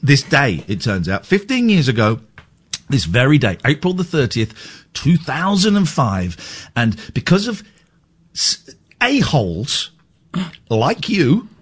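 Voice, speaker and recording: A male English radio host in lively banter, ranting in mock outrage and stumbling over restarts. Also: mid-range voice, a little slow, breathy edge.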